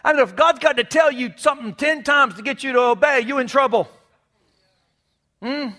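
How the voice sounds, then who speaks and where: A man's voice: very high voice, normal speed, bright, forceful tone. A man preaching a sermon, fervent, with call-and-response asides to the congregation. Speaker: pastor.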